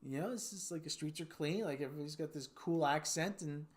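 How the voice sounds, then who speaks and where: A man from the United States chats loosely on a livestream, his voice sitting a bit high for a man. He rambles, restarts his sentences and reads out comments from viewers. Now and then he slips into silly put-on voices. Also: a little fast. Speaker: livestream host. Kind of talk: casual chat reading viewer comments.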